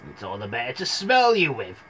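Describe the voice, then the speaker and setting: A crude, impatient Big Bad Wolf talks gruffly, a touch lower than a plain man's voice, as a man plays him. He is a cheeky comic storybook villain with a lively delivery. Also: a little fast, a little hiss or hum. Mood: sly.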